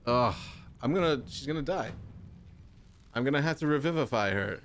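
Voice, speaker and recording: A man's voice: mid-range voice, animated, moderate pace, a little hiss or hum. A young man giving casual, jokey commentary while streaming a game, mock-angry and full of silly made-up words.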